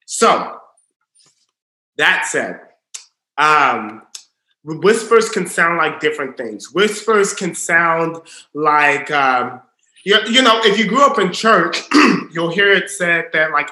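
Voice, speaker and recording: High bright-voiced preacher man. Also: expressive, measured pace. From Southern US. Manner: earnest, drops to a hush for emphasis. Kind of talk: sermon-style teaching. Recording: roomy echo.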